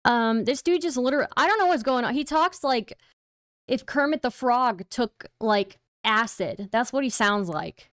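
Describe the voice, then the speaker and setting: A woman's voice: on the high side, animated, normal speed, a bit bright, dry recording, studio quality. A woman hosting a live stream, giving rambling, incredulous casual commentary with lots of fillers. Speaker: streamer host.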